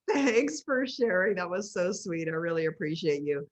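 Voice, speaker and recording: Brief: woman, lower voice, chatty storyteller who laughs a lot, video call audio. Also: big pitch swings, moderate pace, hardly any pauses. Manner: laughs often while telling anecdotes. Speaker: author and coach being honoured.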